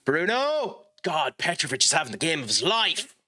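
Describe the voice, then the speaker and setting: A man streaming a football management game, chatting with viewers in a rambling way and reacting loudly to the match. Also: on the high side, wildly swooping pitch, moderate pace. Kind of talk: live gaming stream chat and match commentary.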